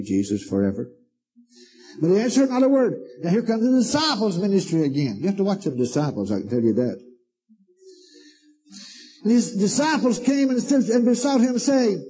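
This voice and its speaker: A man preaching with emphatic, repetitive delivery, stretching out words as he reads scripture. His voice sits a little high but sounds dark and husky. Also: very animated. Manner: emphatic, repetitive, drawn-out preaching with sudden asides. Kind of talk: sermon reading and preaching on scripture.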